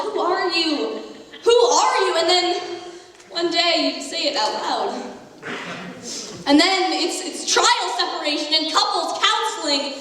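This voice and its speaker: A woman's voice: very high voice, pushed and bright. A girl playing a rambling, confiding theatre fan. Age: teens. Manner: rambling, confiding asides to the audience. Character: wistful adult male theatre fan, talkative narrator. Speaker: student actor. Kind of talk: stage musical acting. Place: school auditorium stage. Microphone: far room mic. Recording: distant, very echoey school hall.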